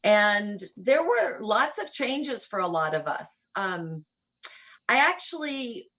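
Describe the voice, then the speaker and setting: This is a woman around sixty whose faint Southern accent still shows in her vowels. She tells stories as an interview guest, in a lively way that speeds through asides and slows down on key words. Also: medium pitch, poor audio. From rural Kentucky, USA. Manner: animated storyteller, shifts between quick and slow, deliberate phrasing. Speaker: guest, church planter. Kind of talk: conversational interview storytelling.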